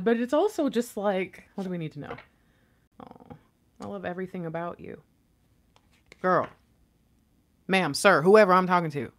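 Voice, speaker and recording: A woman's voice: fairly low pitch, animated, normal speed, long pauses. A woman giving a casual tarot reading to camera, chatty and rambling, giggling often and swearing casually. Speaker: tarot reader.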